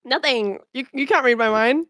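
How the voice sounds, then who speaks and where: Giggly high-voiced woman gaming guest. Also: moderate pace, fairly bright tone. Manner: giggly and playful, laughing through her lines. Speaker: podcast guest. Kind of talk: casual live gameplay chat.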